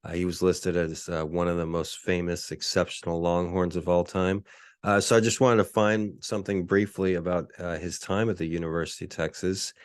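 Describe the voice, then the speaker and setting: A man hosting his own solo podcast, talking casually and deadpan, with lots of ums and uhs. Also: low-pitched, a little fast, clear, resonant tone, no echo, studio quality. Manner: relaxed, filler-heavy, deadpan. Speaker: podcast host.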